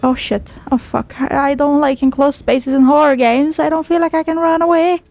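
A woman's voice: sits high, steady tone, normal speed, gravelly, a little mellow, dry recording. A woman playing a horror game, swearing constantly and talking to herself, easily startled. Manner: jumpy, heavily profane, talks to herself. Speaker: game streamer. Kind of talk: horror game let's play commentary.

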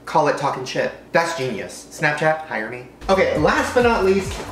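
A man's voice: fairly high pitch, big pitch swings, normal speed, a bit bright, roomy sound. A man rambling crudely and swearing through a comedic food-tasting vlog. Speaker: vlogger.

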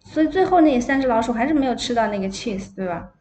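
Mandarin-native mom coaching a young reader, soft and quiet, a touch high, faint hiss in a roomy home. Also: female voice, expressive, quick pace. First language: Mandarin Chinese. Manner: soft, quiet prompting and echoing the child's words. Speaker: parent reading along with a child. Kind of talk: casual read-along chat.

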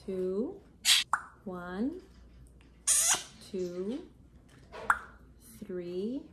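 A playful woman with a fairly low, expressive voice and drawn-out words vlogs at home near a birdcage, coaxing her parrot in a sing-song tone during casual talk. Loud background noise fills the recording, with birds squawking and chirping.

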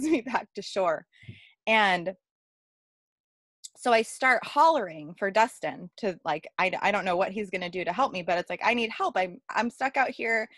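A woman's voice: mid-range voice, fairly bright tone, dry recording. A woman telling a personal story in a casual, chatty way, with many fillers and frequent laughter. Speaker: workshop participant.

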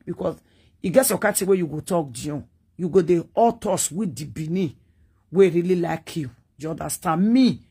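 A Nigerian woman with a husky, breathy voice runs a casual live-stream monologue. She rambles and pleads, talking straight to her viewers. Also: medium pitch, darkish tone. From Edo State, Nigeria.

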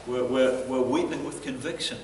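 A man's voice: medium pitch, moderate pace. Male pastor in an echoing church hall. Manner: animated storyteller, chuckles between lines. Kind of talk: storytelling sermon. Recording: echoey church hall from a distance.

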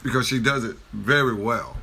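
A man co-hosting a casual reaction video, joking and animated, often restarting his sentences. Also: mid-range voice, moderate pace, creaky, husky. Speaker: reaction video co-host, a father.

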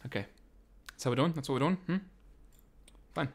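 A young man giving loud, exaggerated let's play commentary, swearing and laughing as he plays. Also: medium pitch, a little fast, slight background noise. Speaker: gamer playing a game.

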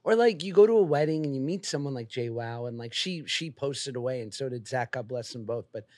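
A man hosting a podcast, chatting casually and cracking quick jokes. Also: medium pitch, expressive, darkish tone, no room sound, clean studio sound. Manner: joking, quick quips. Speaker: podcast host. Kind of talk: casual chat.

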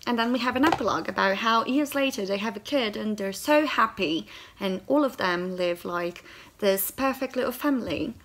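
Young female book vlogger, heated sarcastic rant, sweary and animated. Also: mid-range voice, normal speed, a little hiss or hum. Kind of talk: angry book review rant.

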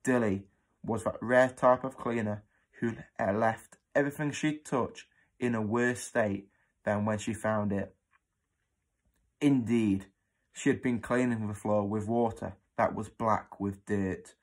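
A man reading a children's book aloud in an expressive, dramatic way. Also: fairly low pitch, takes it slowly. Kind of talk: storybook read-aloud.

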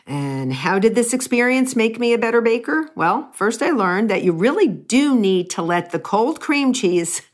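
A middle-aged woman chef telling a humorous personal baking story in a chatty, playful way, with asides to the listener. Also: medium pitch. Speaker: pastry chef.

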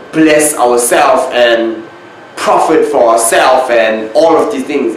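Slow, echoey spiritual talk by a man. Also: mid-range voice. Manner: slow, drawn-out, repeats key words for emphasis. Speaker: spiritual channel host. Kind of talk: spiritual monologue to camera. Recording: very echoey room with faint background noise.

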